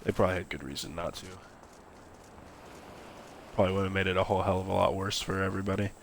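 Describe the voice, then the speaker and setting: A man's voice: low voice, steady tone, quick pace, vocal fry, a little hiss or hum. A man streaming a story game, chatting casually and reading characters' lines aloud. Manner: casual, voices characters as he reads.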